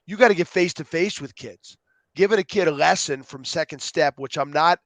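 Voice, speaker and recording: Animated man telling stories, higher voice. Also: normal speed, no room sound. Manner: animated storyteller, acts out quotes. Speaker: guest, youth program co-founder. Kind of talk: podcast interview.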